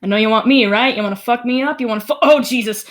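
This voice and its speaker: A woman's voice: on the high side, fast talker, fairly bright tone, lightly acted. A woman voicing a panicked masked man who taunts a monster and swears, in a tabletop horror game. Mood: taunting, panicked. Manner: frantic, swearing.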